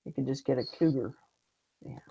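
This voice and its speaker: A woman's voice: extremely low pitch, fairly quick, creaky, warm tone, breathy edge. A woman hosting a morning online hangout, chatting casually and telling stories in a rambling way with restarts. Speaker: host of a morning hangout show. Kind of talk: casual chat. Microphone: online video hangout.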